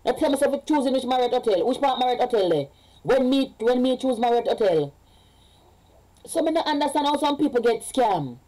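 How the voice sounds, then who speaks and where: Rambling Jamaican woman with a mellow voice. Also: sits high, expressive, fairly quick, low-quality recording. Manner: rambling, repeats words, mixes in Jamaican patois. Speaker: vlogger. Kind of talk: casual opinion vlog.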